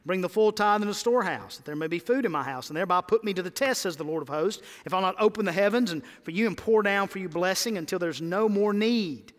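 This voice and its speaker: A man's voice: high voice, animated, quick pace, hardly any pauses, fairly bright tone, big-room sound. A man preaching a sermon as pastor, rising into emphatic calls to his congregation.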